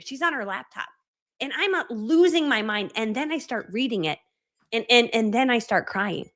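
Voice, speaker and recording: Animated woman in her forties telling stories. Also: on the high side, normal speed. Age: 40s. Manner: animated storytelling, acting out her own past reactions; self-deprecating, chatty, many fillers like "right?". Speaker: online course coach presenting a training event. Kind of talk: motivational training talk.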